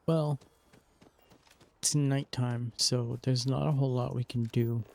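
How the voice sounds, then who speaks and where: Young male let's-player; easygoing, teasing, mid-pitched voice. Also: fairly even intonation, slow, creaky, darkish tone. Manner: jokey, teasing game characters. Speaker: gaming streamer. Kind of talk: casual let's play commentary.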